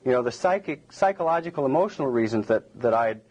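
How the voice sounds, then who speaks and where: Husky-voiced male lecturer, rambling. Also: mid-range voice, expressive, fast talker, darkish tone, highs cut off. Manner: rambling and digressive, many restarts. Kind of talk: public lecture to a live audience.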